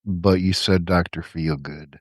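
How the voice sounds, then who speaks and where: A man's voice: low voice, steady tone, measured pace, no echo, clean studio sound. A man co-hosting a podcast who explains points carefully, then gushes about music with casual swearing. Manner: explanatory, enthusiastic, profane. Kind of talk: casual chat.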